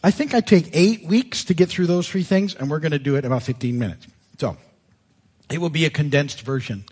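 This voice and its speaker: Husky-voiced male pastor. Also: on the high side, fairly quick, a little mellow. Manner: emphatic, informal, frequent restarts. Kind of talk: conversational sermon teaching.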